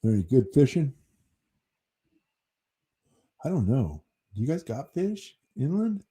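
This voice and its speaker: A man's voice: medium pitch, very animated, moderate pace, warm tone, slightly rough. An American man hosting his own channel, chatting casually with viewers in a rambling, easygoing way that includes casual swearing. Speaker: channel host reading chat. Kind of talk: casual livestream chat.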